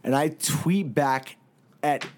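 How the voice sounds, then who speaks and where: A man's voice: fairly high pitch, slow. A man co-hosting a podcast, telling a rambling anecdote with lots of fillers and laughs in a casual chat. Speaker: podcast co-host.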